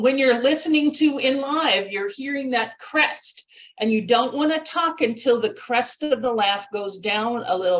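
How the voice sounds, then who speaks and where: A woman's voice: a little high, dull audio. A vivacious woman presenting a speech contest workshop, acting out little voices and laughs as she explains. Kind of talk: online workshop talk.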